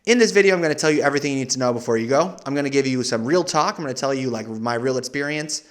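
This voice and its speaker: Young guy doing a travel vlog, hyped, chatty, mid-pitched voice. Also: rapid-fire. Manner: energetic, casual, chatty with fillers. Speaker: travel vlogger. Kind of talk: enthusiastic travel guide talk.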